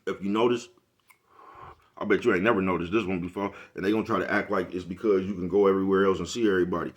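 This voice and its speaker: A low-pitched man with a steady tone and quick pace rambles casually and profanely to his viewers as a vlogger. Laid-back street talk fills the monologue, punctuated again and again by "you know what I'm talking about."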